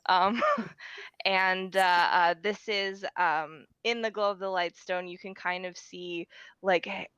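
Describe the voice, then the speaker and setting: A woman playing a tabletop game who describes her character slowly, searching for words with many fillers. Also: on the low side, fairly even intonation, a bit bright, clean tone, no room sound, lo-fi sound. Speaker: player.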